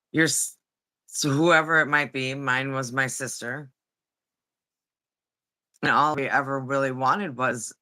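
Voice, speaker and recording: Guest, female: low, very bright tone, slow and measured confessional telling. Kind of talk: candid personal storytelling.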